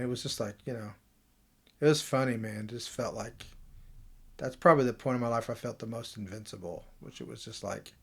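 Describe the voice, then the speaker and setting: A man as a podcast guest, telling personal stories in a chatty, animated way. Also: mid-range voice. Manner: chatty, animated storyteller, many fillers. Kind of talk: casual conversation.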